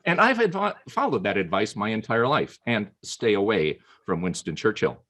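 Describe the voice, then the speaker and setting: A man giving a humorous prepared speech at a club meeting over a video call, telling anecdotes with playful pauses. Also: on the low side, sing-song, fairly bright tone. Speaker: Toastmasters club speaker.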